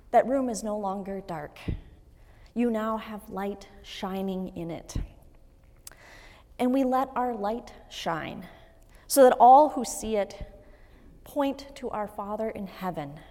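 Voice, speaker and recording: A woman in her thirties, a pastor, preaching a sermon in an earnest, measured way with light personal asides. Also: medium pitch. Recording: long reverb of a church hall.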